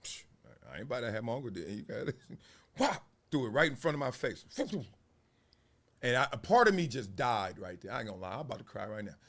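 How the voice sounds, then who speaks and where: A man from Los Angeles hosts a show and tells a story in casual street slang, animatedly acting out the scenes and laughing along. His voice is mid-range and brisk.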